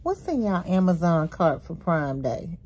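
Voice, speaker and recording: A woman's voice: fairly low pitch, big pitch swings, unhurried, darkish tone. A sleepy, exhausted woman vlogging casually with speech, laid-back and tired, chatting to viewers as y'all and swearing casually. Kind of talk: casual vlog chat to camera. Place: home kitchen, indoors. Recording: echoey room with background noise.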